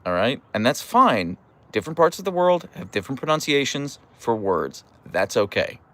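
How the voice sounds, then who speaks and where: A man's voice: medium pitch, vocal fry, fairly bright tone, dry recording. A man from Pittsburgh with a Pittsburgh accent, chatting casually on a livestream, reading viewer comments and teasing. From United States. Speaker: livestream host reading chat.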